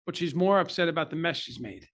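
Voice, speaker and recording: A man's voice: a little high, lively intonation, quick pace, a bit bright. Earnest man telling a personal story. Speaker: podcast guest. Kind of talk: candid storytelling interview.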